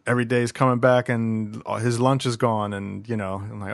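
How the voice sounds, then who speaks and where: A man's voice: medium pitch, level tone, moderate pace, vocal fry, no room sound. A man in casual chat, talking reflectively about parenting and thinking aloud with many restarts. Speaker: podcast co-host, parent.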